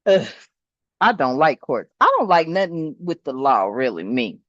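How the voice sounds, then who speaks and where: A woman's voice: deep voice, sing-song, measured pace, no room sound, lo-fi sound. An older woman, host of a spiritual vlog, talking casually in a blunt, salty way, preaching and swearing and calling her viewers "family.".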